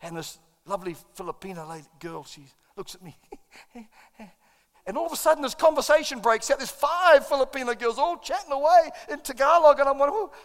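A man preaching a sermon, an animated storyteller who acts out his own lines. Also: extremely high pitch, fairly quick, long reverb tail. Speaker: pastor.

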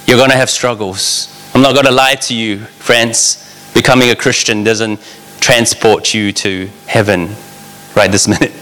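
Speaking earnestly and plainly, a man delivers a sermon straight to his listeners in a conversational way. His voice is on the low side, bright and forceful, fairly even in intonation and a little slow. A long reverb from the large hall trails after each phrase.

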